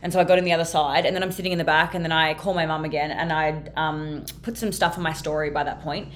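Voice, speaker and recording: Young woman podcast host, lowish voice, chatty and sweary, relaxed storytelling. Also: quick pace, slight background noise. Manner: chatty, swears freely, lots of "like" fillers. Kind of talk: casual storytelling monologue.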